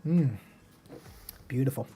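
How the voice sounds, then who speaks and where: A man's voice: medium pitch, slow pace, mellow, slight background noise. A young man with an English Midlands accent, chatting casually on a live stream, reading out viewer names and answering them. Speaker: live streamer demoing microphones.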